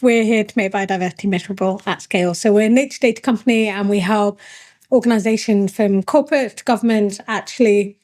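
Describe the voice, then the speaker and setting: A woman's voice: mid-range voice, a little mellow. A woman from the north of England, a CEO guest on a podcast, telling her story in an earnest, reflective way. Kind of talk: podcast interview conversation.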